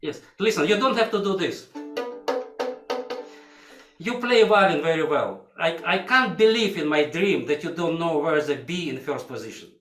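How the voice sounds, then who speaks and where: Animated older man coaching violin. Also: fairly high pitch, normal speed, music in the background. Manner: animated, sings phrases to demonstrate, broken English. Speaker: violin teacher. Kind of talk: masterclass coaching. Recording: echoey hall. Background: violin playing.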